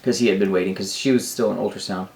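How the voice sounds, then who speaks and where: Fast-talking young man, off-mic. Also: low voice, gravelly, recorded from a distance. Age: young adult. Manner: fast, animated retelling with quoted dialogue. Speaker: co-host, husband. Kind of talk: casual storytelling. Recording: roomy, off-mic.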